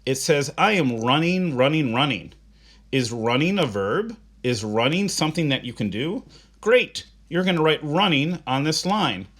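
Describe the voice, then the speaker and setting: A man's voice: fairly high pitch, big pitch swings, moderate pace, a bit bright. A male teacher giving an online class, patiently asking students simple questions and reading short poems aloud. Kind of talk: recorded online class instruction.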